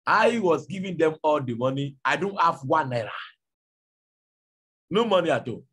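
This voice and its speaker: Husky Nigerian preacher telling stories. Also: male voice, on the high side, moderate pace. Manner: storytelling, animated, acts out dialogue. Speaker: pastor. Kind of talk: sermon.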